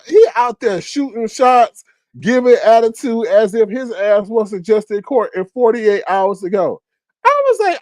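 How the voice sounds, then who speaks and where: A man hosting a live stream and spinning comic, profane stories for his chat. His voice swings widely, leaping into loud high exclamations when he retells what he said, and the sound is dry and close. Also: expressive, a little slow, no echo. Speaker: livestream host. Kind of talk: casual storytelling to a live chat.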